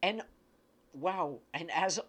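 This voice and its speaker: Tearful woman spiritual speaker, low voice, unhurried and halting, emotional, repeats herself. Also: lively intonation, husky. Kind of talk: unscripted spiritual talk.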